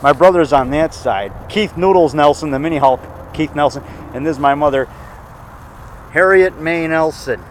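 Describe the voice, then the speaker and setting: Man, 50s, from the Chicago area, slightly high voice, wandering chatty monologue, outdoors. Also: normal speed, slight background noise, poor audio. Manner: digressive, talks in fragments with fillers and self-corrections. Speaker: vlogger. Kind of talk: rambling graveside monologue. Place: outdoor cemetery.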